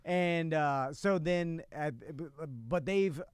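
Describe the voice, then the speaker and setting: Man, 40s, podcast co-host: high, smooth voice, rambling and self-mocking, dry studio sound. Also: slow, dry recording. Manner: rambling storyteller, self-deprecating. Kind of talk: casual podcast chat.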